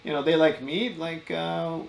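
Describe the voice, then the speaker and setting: A man co-hosting a casual podcast chat, rambling and animated, full of fillers as he tells stories. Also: fairly high pitch, moderate pace, creaky. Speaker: podcast co-host. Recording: echoey room with faint ambient noise.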